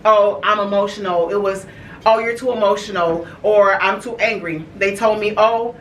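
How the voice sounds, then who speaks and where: A woman's voice: mid-range voice, fairly even intonation, normal speed. A woman hosting a podcast, telling a personal story in casual chat, full of fillers and acted-out quotes. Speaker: podcast host. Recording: echoey room, mic far off, faint noise.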